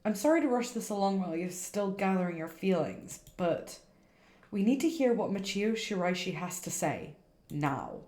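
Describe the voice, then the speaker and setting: A woman voicing a calm, serious male occult guide from a game, speaking in a measured, instructive way. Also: mid-range voice, echoey room, close to an everyday voice. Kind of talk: reading game dialogue aloud on stream.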